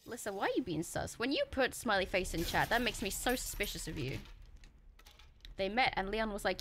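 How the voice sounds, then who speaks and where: A woman talking over a game she is streaming live, into a desk microphone. Her voice is bright and forward, at a middle pitch for a woman. She is excitable, swears freely and jokes at what happens on screen. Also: unhurried, pauses often, soft background music. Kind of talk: live gameplay commentary.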